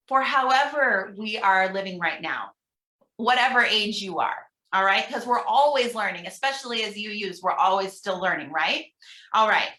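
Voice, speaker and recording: A woman minister with a fairly high, clear, bright voice leads an upbeat all-ages talk for an online church service. She reads affirmations slowly for listeners to repeat back. The room around her sounds roomy and echoey. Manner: upbeat, leads call-and-response affirmations with slow pauses. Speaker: guest minister. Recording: roomy echo.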